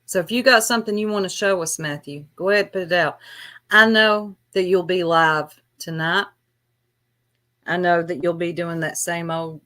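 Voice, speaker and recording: A woman's voice: lowish voice, measured pace, fairly bright tone. A woman vlogger ranting on a livestream in a taunting, sarcastic way. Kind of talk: livestream rant.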